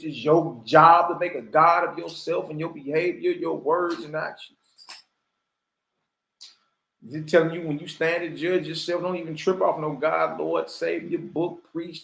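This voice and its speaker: In an echoey room, a fiery male teacher preaches a lesson read from a text, speaking rhetorically and repeatedly asking listeners questions. His voice is on the high side, creaky, and a bit bright.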